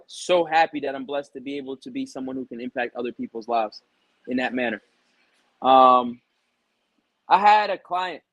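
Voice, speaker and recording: A young adult man, a barber guest on an interview show, talks casually and tells stories packed with retold back-and-forth dialogue and "um"s. His voice sits a little high for a man. The sound is dry and close, with no room echo. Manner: relaxed storytelling with many fillers and retold dialogue.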